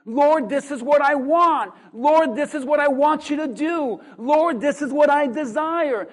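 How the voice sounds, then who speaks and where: A pastor delivers a sermon in a high, bright-toned voice. The preaching rises to emphatic, near-shouted peaks and drops to hushed asides, driven by rhetorical questions and call-and-response. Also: moderate pace, hardly any pauses. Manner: dynamic preaching, swings from loud emphatic to quiet.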